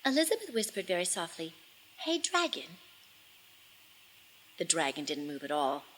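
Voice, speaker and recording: A woman reading a storybook aloud to children, expressive and animated, with dramatic hushes and shouts. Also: low-pitched, fast, slight background noise, rough recording.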